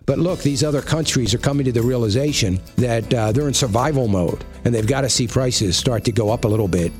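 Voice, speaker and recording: Measured male financial commentator. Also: mid-range voice, darkish tone, faint music behind. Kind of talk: market commentary segment.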